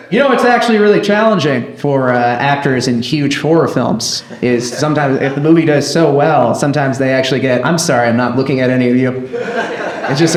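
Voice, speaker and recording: Rambling male host in an echoey room. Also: mid-range voice. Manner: rambling, self-deprecating, trailing restarts. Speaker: comedy show host. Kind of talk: live show hosting banter. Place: live comedy venue. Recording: roomy live room.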